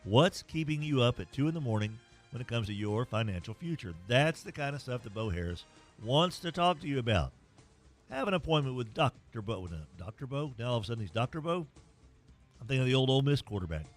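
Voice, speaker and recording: Guy doing sports talk radio, jokey and rambly, mid pitch, faint music under him. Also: lively intonation, fairly quick. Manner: folksy, joking, rambling. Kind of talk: sports talk with sponsor read.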